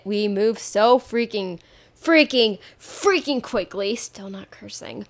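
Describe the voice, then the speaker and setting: A woman's voice: a little high, a bit bright. A woman in her twenties hosting a solo podcast, talking candidly and playfully, often swapping curse words for spoken bleeps. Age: 20s. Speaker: podcast host. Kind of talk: casual solo podcast monologue.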